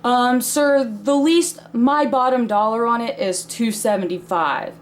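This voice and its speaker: A woman's voice: on the high side, measured pace, close to an everyday voice. A woman voicing an annoyed man selling a freezer at a yard sale, bargaining curtly and reluctantly. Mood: polite.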